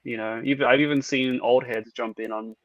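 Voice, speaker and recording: A man's voice: mid-range voice, fairly even intonation, fairly quick, lo-fi sound, crowd noise. A man with an Australian accent, a musician guest, chatting eagerly with lots of fillers. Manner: enthusiastic, filler-heavy. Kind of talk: casual chat.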